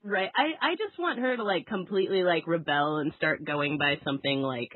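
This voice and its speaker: A woman's voice: sits low, normal speed, no echo. A young woman co-hosting a casual podcast, chatty and giggly, with lots of filler words. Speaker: podcast co-host. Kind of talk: casual chat. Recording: tinny phone-like sound, very dry.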